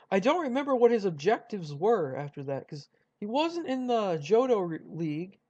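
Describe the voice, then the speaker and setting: A man's voice: sits high, big pitch swings, moderate pace, darkish tone, lo-fi sound. A young man casually chatting through a ranked list, rambling with many fillers and restarts. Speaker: YouTuber ranking cartoon rivals. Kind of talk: casual commentary.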